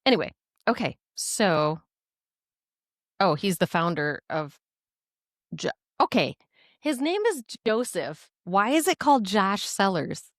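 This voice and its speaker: A woman's voice: mid-range voice, sing-song, slow pace, long pauses, dry recording. Bubbly, giggly woman podcast co-host, chatty, dry close mic. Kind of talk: casual chat.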